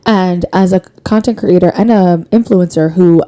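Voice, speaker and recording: A woman co-hosting a chatty podcast, with a very dark, mellow voice that sits a little low. She talks bluntly and rambles, doubling back on herself, with a slight lisp. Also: moderate pace. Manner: blunt, rambling, self-interrupting; says she is tongue-tied, slight lisp. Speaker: podcast co-host. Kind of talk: casual chat.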